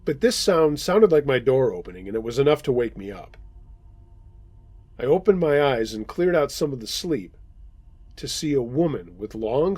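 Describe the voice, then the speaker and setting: A man with a husky, slightly rough voice reads a listener's true scary story. His pitch sits in the middle range. He narrates in a measured, dramatic storytelling manner. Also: a little mellow. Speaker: podcast host reading listener stories.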